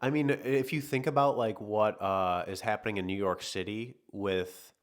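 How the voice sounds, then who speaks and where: A man hosting a casual livestream podcast, reading viewer comments aloud and thinking out loud in a rambling, hedging way. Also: lowish voice, normal speed. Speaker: podcast host reading live chat.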